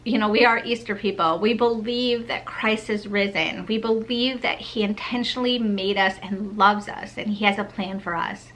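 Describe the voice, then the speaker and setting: A woman's voice: medium pitch, fairly even intonation, moderate pace, hardly any pauses, a bit bright. A woman in her thirties telling personal faith stories to her viewers in an earnest, heartfelt, chatty way, with a lot of "like"s. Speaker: faith vlogger. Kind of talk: personal storytelling to camera.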